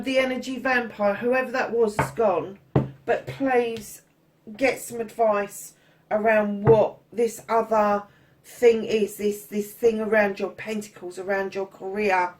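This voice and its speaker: A woman's voice: mid-range voice, steady tone, slow. A woman doing a casual tarot reading, chatty and blunt, swearing freely and calling her listeners darlings. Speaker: tarot reader.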